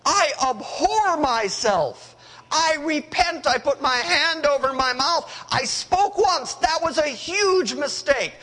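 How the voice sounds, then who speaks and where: Job, a man putting him on, sheepish and high. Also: lively intonation, slow pace, bright, forceful tone, big-room sound, full character voice. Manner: sheepish, flippant and exasperated. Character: Job, humbled weary man giving up.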